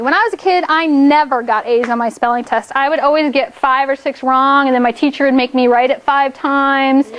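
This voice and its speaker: A woman teaches a class in an upbeat, encouraging way, with a high, bright-pitched voice. She talks the children through each step and keeps checking in with "okay?". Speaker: elementary school teacher.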